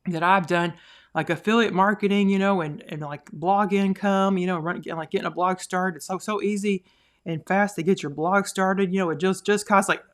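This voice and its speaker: A woman in her thirties hosting her own podcast, telling her money story in a rambling, earnest way full of "you know" and "like". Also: fairly low pitch. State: tearful, emotional. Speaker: podcast host. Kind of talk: personal story, motivational talk.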